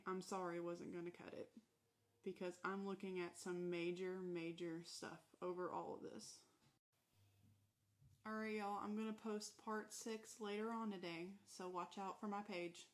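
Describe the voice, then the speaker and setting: A woman telling her own story in a casual storytime monologue, candid and animated, acting out quoted dialogue with a Southern American way of speaking. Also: medium pitch.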